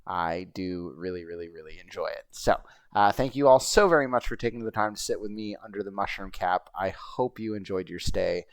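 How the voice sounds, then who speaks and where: A man's voice: low-pitched, a little fast, hardly any pauses, clean tone, dry recording. A man hosting his own show, chatting casually over a video he plays, rambling and swearing now and then. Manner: rambling and chatty, with frequent fillers and profanity. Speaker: host.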